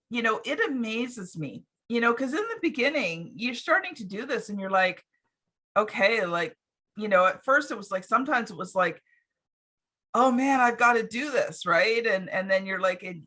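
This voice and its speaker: A woman's voice: mid-range voice, pushed and bright. A woman hosting a podcast, chatting casually and reflectively with plenty of fillers. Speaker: podcast host. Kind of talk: casual chat.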